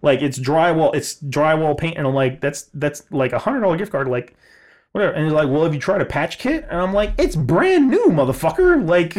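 Animated man telling a rant story. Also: fairly high pitch. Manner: animated, swearing, laughing, mimicking others in quotes. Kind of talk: casual storytelling chat.

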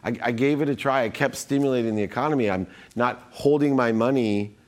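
A man's voice: mid-range voice, brisk, a little mellow. A man talking as a podcast guest, philosophizing with energy and restarting his sentences often as he tells his story. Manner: frequent restarts and self-interruptions. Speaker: podcast guest, business executive. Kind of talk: conversational storytelling.

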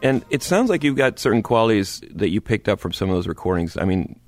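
A man hosting a radio music show, asking measured, thoughtful questions of a guest. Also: lowish voice, sing-song, darkish tone, no room sound. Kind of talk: interview questions. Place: radio studio.

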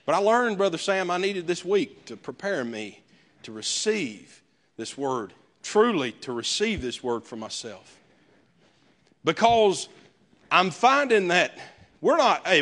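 Guy preaching, pitch jumping all over, chatty folksy sermon. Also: a bit bright. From American South. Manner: conversational preaching with folksy asides. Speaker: pastor.

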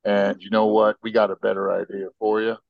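A man's voice: fairly low pitch, flat delivery, brisk, gravelly, dry recording, narrow, tinny audio. A man voicing a swaggering, boastful King George in a put-on Southern American drawl, full of slangy bravado. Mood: mocking.

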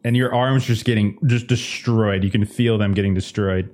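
A man's voice: on the low side, fairly even intonation, moderate pace, a little mellow. Casual man running a tabletop game. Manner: casual, chuckling descriptions with many fillers. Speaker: game master. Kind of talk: narrating a tabletop horror game.

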